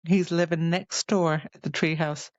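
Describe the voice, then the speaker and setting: A woman's voice: low-pitched, steady tone, moderate pace, no room sound, lo-fi sound. A woman co-hosting a podcast, chatty and retelling scenes from a book in a casual, playful way. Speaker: podcast co-host.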